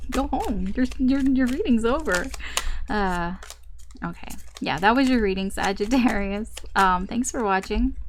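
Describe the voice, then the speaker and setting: A woman's voice: medium pitch, slight background noise. A woman tarot reader talking through a casual, rambling reading, often laughing at herself.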